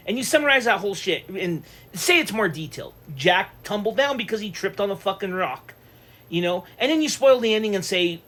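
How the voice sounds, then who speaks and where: Profane, heated rant with a lively pitch. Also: fairly quick. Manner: heated, swears constantly, emphatic repetition. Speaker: online reviewer and channel host. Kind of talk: profane ranting vlog monologue.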